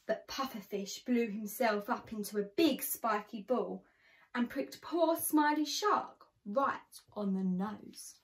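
A woman reading a picture book aloud to children, slow and expressive with a sing-song lilt. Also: on the high side. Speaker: children's storyteller.

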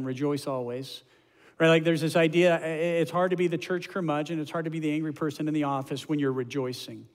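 Pastor, middle-aged man, fairly high voice, chatty stop-start sermon delivery, long church reverb. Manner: conversational, self-deprecating, repeats words when starting sentences. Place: large church auditorium.

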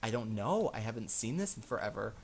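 A man's voice: lowish voice, sing-song, fairly quick, a little hiss or hum. A man narrating a survival game as he plays, easily frightened, gasping and exclaiming while he chats to his viewers. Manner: chatty, talking to viewers as he plays. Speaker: gaming channel host. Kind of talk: let's-play commentary.

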